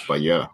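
Man, very low husky voice, casual recap host, leads discussion, lots of fillers. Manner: leads the talk, prompts co-hosts, frequent fillers. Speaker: podcast host.

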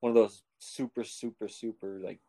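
Gravelly low-voiced male podcast host. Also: steady tone, moderate pace, warm tone. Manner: joking, laughs often, loose and rambling. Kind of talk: casual chat.

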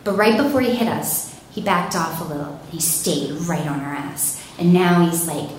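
A woman telling a personal story in a lively way, acting out panicked quotes. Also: lowish voice, normal speed. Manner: animated, acts out panicked quotes. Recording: very echoey room, faint noise.

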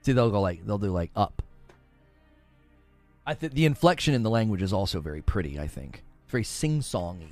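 Over faint background music, a man with a fairly low, slightly mellow voice talks fairly quickly with lively intonation. He's hosting a live stream, chatting casually, laughing frequently, and reading viewer comments aloud.

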